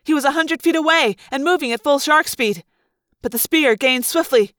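Lively woman reading a story aloud. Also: high-pitched, normal speed, no echo, studio quality. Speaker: audiobook reader. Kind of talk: expressive first-person book narration.

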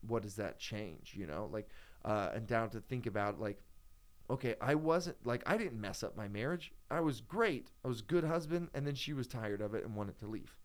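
A man's voice: on the low side, smooth. A man talking casually and at length, rambling with many fillers and restarts as he tells a personal story. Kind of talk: casual chat.

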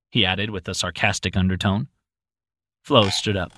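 A man reading a story aloud as narrator in a steady, measured way. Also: fairly low pitch, no echo. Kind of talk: audiobook narration.

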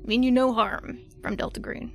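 A woman voicing a calm older male agency handler in a tabletop game, wry and laid-back. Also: a little high, moderate pace, soft background music, close to an everyday voice, rough recording.

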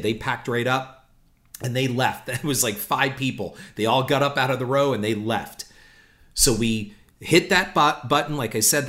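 Animated middle-aged man telling a story. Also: mid-range voice. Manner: animated, blunt and profane, acting out the shouting. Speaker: storyteller recalling his old job. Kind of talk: casual spoken anecdote.

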